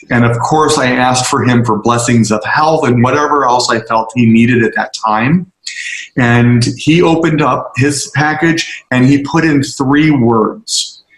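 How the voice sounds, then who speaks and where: Earnest man telling a story, echoey room. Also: mid-range voice. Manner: earnest, emphatic storyteller who acts out quotes. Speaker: guest speaker. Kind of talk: storytelling to a group. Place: on location with a tour group.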